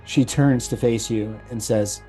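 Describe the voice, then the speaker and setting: Game master, male, measured narration, faint music behind. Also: mid-range voice, steady tone, dark tone.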